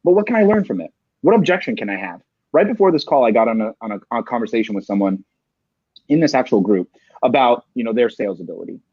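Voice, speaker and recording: A man's voice: mid-range voice, animated, fast talker, darkish tone, slightly rough, dry recording. Emphatic man coaching on sales. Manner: emphatic, rhetorical "right?" tags. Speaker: sales coach, interview guest. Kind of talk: motivational interview talk. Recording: dry, muffled lo-fi sound.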